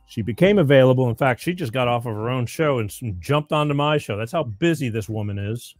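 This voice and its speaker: Man, talk show host, excitable pitchman delivery, chatty restarts, dry sound, faint music. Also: fairly quick, few pauses, dry recording. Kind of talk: casual talk show banter and sponsor read.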